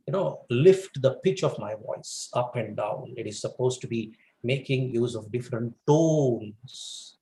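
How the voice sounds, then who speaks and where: A guest speaker on English communication lectures to a webinar audience in a mid-range voice. He is animated, swinging widely in pitch and using lots of fillers, while the room echoes noticeably.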